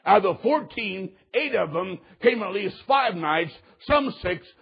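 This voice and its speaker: A man's voice: high-pitched, lively intonation, unhurried, creaky, breathy edge, highs cut off. A man preaching a sermon, telling a story with drama and quoting people in varied voices. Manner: dramatic, quotes others in changing voices.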